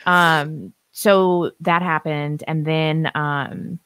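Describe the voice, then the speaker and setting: A woman co-hosting a live stream, telling her story in a casual, animated way, acting out what people said and laughing often. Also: deep voice, extremely slow, clean tone, dry recording.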